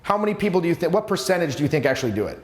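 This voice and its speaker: A man coaching a live workshop on social skills, talking in an animated, emphatic way with many restarts. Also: fairly high pitch, rapid-fire. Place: seminar room with students. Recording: echoey room.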